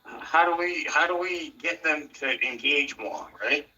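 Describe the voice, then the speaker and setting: A man's voice: fairly high pitch, measured pace, pushed and bright, highs cut off. A man chatting casually in a laid-back, slangy way, his voice sounding distant from the mic. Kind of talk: casual chat.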